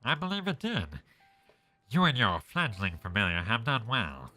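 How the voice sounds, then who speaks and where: A man voicing a calm, scholarly, witch-like mage in a measured, formal way. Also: medium pitch, full character voice.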